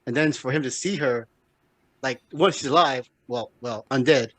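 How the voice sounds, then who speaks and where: A man's voice: mid-range voice, normal speed, fairly bright tone, dry recording. A man co-hosting a podcast, rambling about films with many restarts and frequent swearing. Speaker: podcast co-host. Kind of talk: casual film discussion.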